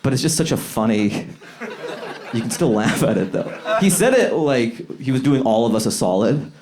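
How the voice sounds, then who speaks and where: A man doing a loose, chatty stand-up set on a comedy club stage, acting out characters in high squeaky voices and laughing at his own bits. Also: animated, moderate pace. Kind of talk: stand-up set trying new material. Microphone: handheld stage mic. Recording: live club with loud crowd laughter.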